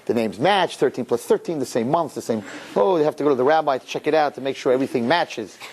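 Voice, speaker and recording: A male rabbi telling a story in a sermon, animated, acting out the people in it. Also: medium pitch, fast talker. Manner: animated, acts out characters.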